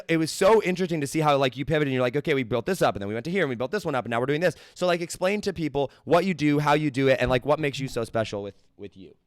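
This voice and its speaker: A young man hosting a podcast, telling stories in a casual, animated way and acting out quoted dialogue. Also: a little high, no echo, studio quality. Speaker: podcast host. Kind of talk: casual interview chat.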